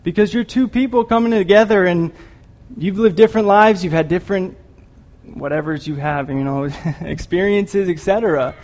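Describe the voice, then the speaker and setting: A lay preacher gives an earnest, emotional sermon in a high, slightly mellow voice at normal speed. At times he rambles, restarting and apologizing, and the recording is dull and lo-fi.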